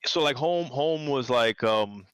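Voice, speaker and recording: A man's voice: medium pitch, animated, measured pace, fairly bright tone, smooth, no echo, poor audio. A man, a game designer as the guest in a casual interview, rambling, repeating words and laughing often. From New York City.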